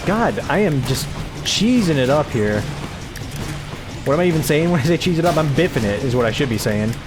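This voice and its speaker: Dude chatting through a game run, rambly and self-mocking, faint music behind. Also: male voice, on the high side, very animated, brisk. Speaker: gaming video host. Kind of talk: casual let's-play commentary.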